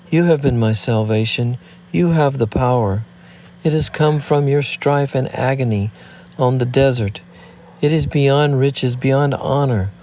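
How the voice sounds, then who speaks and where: A man's voice: medium pitch, a little mellow, a little hiss or hum, voice pushed up, natural voice. A man reading aloud, voicing a proud, remorseful fallen woman in an impassioned, declamatory way.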